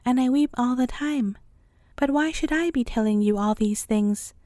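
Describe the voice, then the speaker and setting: A woman's voice: on the high side, normal speed, warm tone, dry recording, clean studio sound, natural voice. A woman voicing a self-pitying, short-tempered old male rhinoceros in a storybook reading, with a mournful, grumbling manner.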